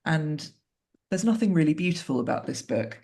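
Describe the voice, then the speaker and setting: A woman's voice: sits low, expressive, normal speed, creaky, mellow. A woman author speaking as a guest in an interview, talking candidly and reflectively with wry asides over a video call.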